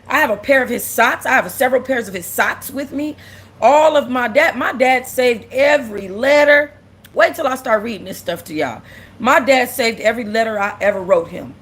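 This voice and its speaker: On this emotional casual stream, a young woman speaks openly while on the verge of tears, reading and answering viewer comments and repeating herself. Her voice is on the high side, expressive and a bit bright, at a moderate pace.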